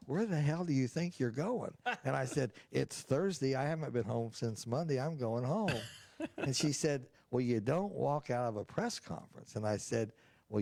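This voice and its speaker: Older guy, low gravelly voice, spinning folksy stories with quoted back-and-forth, dry close mic. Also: mellow, dry recording. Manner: folksy anecdotes acting out quoted dialogue. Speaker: state representative, guest. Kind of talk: storytelling interview answer.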